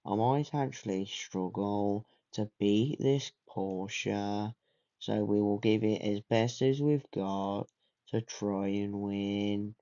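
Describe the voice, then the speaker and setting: A young man talks over his racing game in a low, mellow voice, slow and unhurried even as he trash-talks. The sound is dry and a little dull, like a cheap close mic. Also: no room sound. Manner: excitable, swearing, trash-talking. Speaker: gaming video creator. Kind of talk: casual gameplay commentary.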